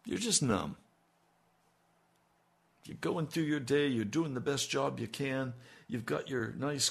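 A man's voice: mid-range voice, gravelly, a bit bright, husky. A man preaching a sermon, asking his listeners pointed rhetorical questions and building to emphatic peaks.

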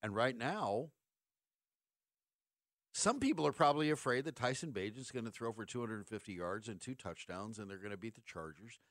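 A middle-aged man rants through a sports radio segment, sarcastic and emphatic, stacking up rhetorical questions. His voice sits at an ordinary pitch. The sound is dry, with no room echo. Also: animated, moderate pace, a bit bright. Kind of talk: opinionated sports talk radio rant.

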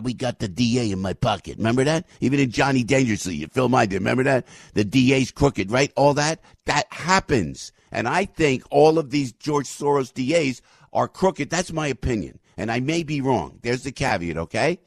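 A man hosting a talk show, giving fired-up political commentary, ranting, repeating himself and bursting into shouts. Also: medium pitch, animated, normal speed, gravelly, dry recording, clean studio sound.

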